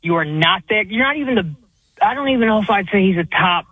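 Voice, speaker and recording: A male caller over a phone line, with a high, husky voice. He argues emphatically and stumbles over repeated words. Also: lively intonation, fast, no echo. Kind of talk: call-in sports radio opinions.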